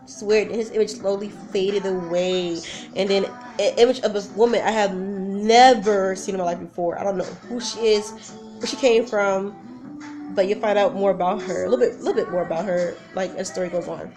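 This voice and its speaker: A woman's voice: mid-range voice, steady tone, normal speed, a little mellow, faint music behind. A woman in her twenties telling a personal story in a casual, rambling, emotional way, full of fillers and restarts. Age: 20s. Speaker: vlogger.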